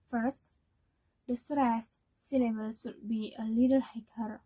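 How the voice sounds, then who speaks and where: Slow, halting young woman presenting. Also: fairly high pitch, mellow, rough recording. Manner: halting, many fillers and restarts. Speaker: student. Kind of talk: spoken class presentation.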